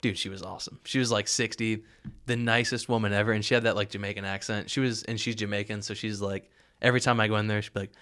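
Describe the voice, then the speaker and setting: A man hosts a relaxed podcast interview. His voice is smooth and resonant, fairly low, and he keeps things easygoing, laughing along with his guest. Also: quick pace. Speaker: podcast host. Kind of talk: casual interview chat.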